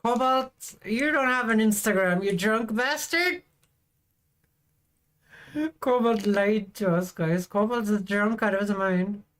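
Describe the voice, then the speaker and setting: Her mid-range voice stays steady and unhurried, flowing with hardly any pauses. She's live-streaming a farming game, bantering casually with viewers and teasing them in a giggly, playful manner.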